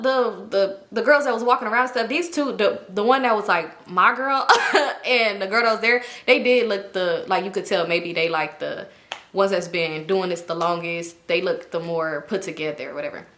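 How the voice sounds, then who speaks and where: A young woman telling a personal story in a casual, animated way, slangy and profane. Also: medium pitch, normal speed. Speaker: storytime YouTuber.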